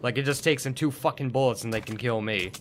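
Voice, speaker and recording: A man's voice: medium pitch, quick pace, a bit bright, slight background noise. A young man giving gameplay commentary, frustrated and swearing as he mutters to himself. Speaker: gaming video host.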